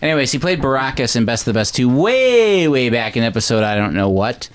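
A man's voice: mid-range voice, big pitch swings, a little fast. A man co-hosting a casual movie podcast, chatty and jokey as he recaps the plot. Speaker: podcast co-host.

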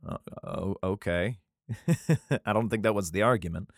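A young man reading old scripture aloud in a lifted, declaiming voice, breaking off into low, profane, sarcastic asides. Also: unhurried, vocal fry, no echo, clean studio sound. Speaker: reader and commentator. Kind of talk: casual irreverent Bible reading with commentary.

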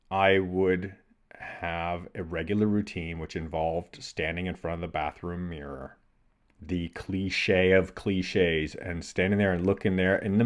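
A middle-aged man, a podcast co-host, telling a thoughtful personal story and acting out the voices in his head. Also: low voice. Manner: thoughtful, acts out inner voices while telling stories. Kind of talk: reflective conversational storytelling.

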